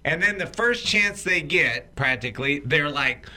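A man's voice: a little high, expressive, unhurried, pushed and bright. A man co-hosting a Christian talk show, telling stories conversationally and acting out quotes. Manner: conversational storyteller, acts out quotes. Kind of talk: faith talk show discussion.

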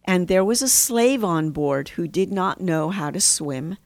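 Woman therapist guest, lowish voice, dry studio sound, calm and measured. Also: no echo. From United States. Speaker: marriage and family therapist, guest. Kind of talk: casual interview chat, storytelling.

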